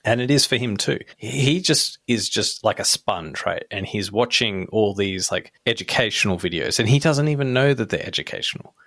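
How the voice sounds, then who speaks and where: Rambling low-voiced male podcast co-host. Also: lively intonation, moderate pace, hardly any pauses, bright, forceful tone, no echo, studio quality. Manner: rambling, many restarts and tag questions. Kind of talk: casual chat.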